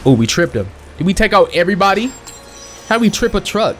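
A young man with a slightly high voice gives casual let's-play commentary, excitable and full of slang as he narrates his own moves. He sounds a bit sniffly, and faint game music plays underneath. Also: a little fast. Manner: excitable, slangy, talks to himself and viewers while playing. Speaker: gaming channel host.

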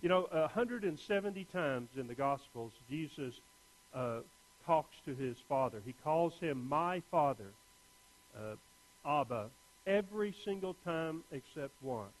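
A male pastor preaching a sermon in an earnest way, moving between hushed and urgent, often repeating words as he restarts phrases. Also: a little high, expressive, unhurried, poor audio.

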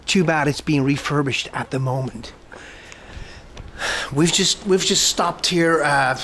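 A Swiss man with a fairly high voice who talks slowly through a casual travel vlog. He rambles and muses as he walks, with faint outdoor noise behind him. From Switzerland. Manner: relaxed, musing, drops to a whisper now and then. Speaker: travel vlogger. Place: outdoors by a lake and inside an old church.

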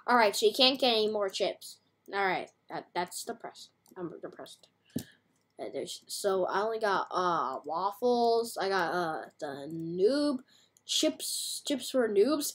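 A game streamer with a medium-pitched, husky voice offers playful, chatty commentary while playing a video game. She speaks unhurriedly with big swings in pitch and uses lots of slang.

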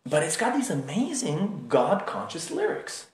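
A man's voice: a little high, a little slow. A man giving a casual spoken lecture at a yoga center, telling stories and doing voices for the characters. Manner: storytelling, animated voices for characters. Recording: echoey room.

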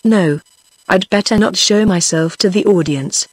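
A synthetic woman's voice reading the lines of a gentle, anxious young woman in an audiobook, in a flat machine delivery. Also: medium pitch, a little slow, dry recording, natural voice.

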